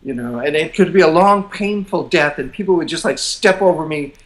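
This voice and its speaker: An older American man talks as a guest in a casual interview, his voice sitting somewhat high for a man. He tells his story with a self-deprecating chuckle and slips into voicing his own inner thoughts. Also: a little fast.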